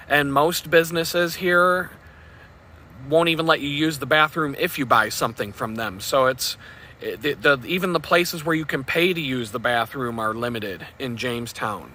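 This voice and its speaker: Blunt, profane man with a bright voice. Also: mid-range voice, a little hiss or hum. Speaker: vlogger. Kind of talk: casual vlog monologue.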